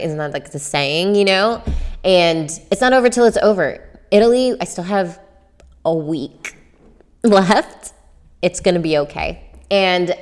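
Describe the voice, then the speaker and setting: A young adult woman hosting a casual solo podcast, chatty with many fillers and self-coaching asides. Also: lowish voice. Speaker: podcast host, tattoo artist.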